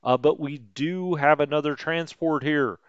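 A man's voice: fairly high pitch, unhurried, clean tone, no echo, muffled recording. A man casually commentating a strategy game stream, chatting with viewers and cracking light jokes. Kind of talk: casual let's play commentary.

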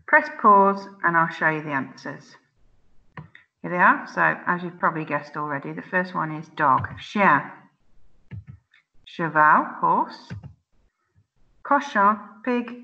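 A woman teaching children an online French lesson, saying words slowly and clearly for them to repeat, chatty and laughing at her own slips. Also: lowish voice, lively intonation, muffled recording. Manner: slow, clear drilling of words for repetition; chatty and self-mocking, exclaims at slips. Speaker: primary school teacher.

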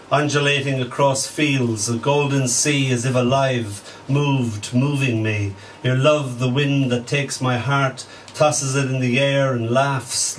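A man giving a live poetry reading in a small cafe, measured and unhurried, with brief fillers between poems, recorded from a distance with faint room noise. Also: mid-range voice. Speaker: poet.

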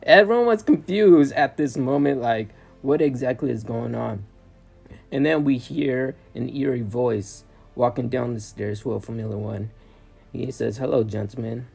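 A man's voice: medium pitch, a little slow, creaky, a little mellow, breathy edge, soft background music. A man hosting a casual recap of a TV episode, talking in a loose, rambling way with fillers and quoted lines. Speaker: YouTube recap host.

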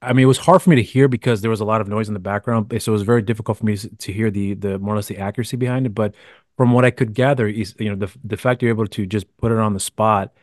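A man's voice: fairly low pitch, steady tone, very fast, darkish tone, no echo, studio quality. A man hosting a casual podcast interview, asking long rambling questions full of restarts. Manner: rambling, many restarts and fillers. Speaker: podcast host.

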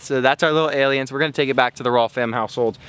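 A young man vlogging outdoors by a pond, excited and hyped, talking to his pet fish and his viewers. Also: mid-range voice, racing, noisy background. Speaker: fishing vlogger. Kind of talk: casual outdoor vlog talk.

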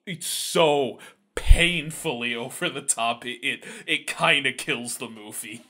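A man hosts a casual podcast and talks at an unhurried pace. He hesitates, leans on fillers and corrects himself as he goes. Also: medium pitch. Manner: relaxed, hesitant, many fillers, self-correcting. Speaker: podcast host. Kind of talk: casual chat.

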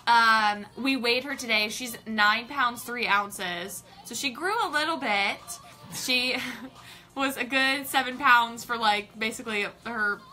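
Bubbly woman host, very bright high voice, chatty live-stream greeter, faint music behind. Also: slow. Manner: bubbly, greets viewers by name, gushes. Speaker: livestream host. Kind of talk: casual live-stream chat.

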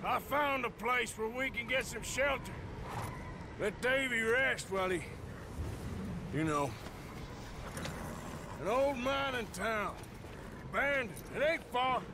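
A gruff outlaw scout drawls his words slowly in a high, strained voice. Heavy wind noise runs through the game audio. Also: expressive, full character voice. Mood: urgent.

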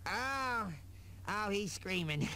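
Lazy cartoon cop chief, mumbly and whiny, bouncy pitch. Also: male voice, lively intonation, takes it slowly, bright, forceful tone, slight background noise, exaggerated voice. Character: sluggish donut-craving cartoon police chief.

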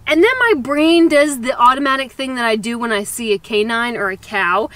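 Woman travel vlogger, high voice, animated storyteller who acts out quotes. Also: normal speed, no echo. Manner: animated, self-mocking, laughs often; quotes people in acted voices. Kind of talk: casual storytelling vlog.

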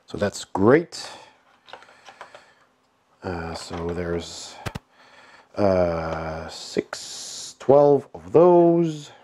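A man's voice: low-pitched, very slow, long pauses, slight background noise. A man with a cold and a nasal voice, casually commenting while unboxing a board game, with frequent fillers and chuckles. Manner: relaxed, chuckling, lots of fillers.

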